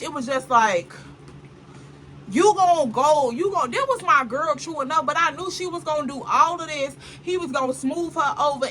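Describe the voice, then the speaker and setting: Animated high-voiced woman telling a story. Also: a little hiss or hum, low-quality recording. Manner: animated and dramatic, full of slang asides to the viewer. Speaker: vlogger. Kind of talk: casual storytime chat.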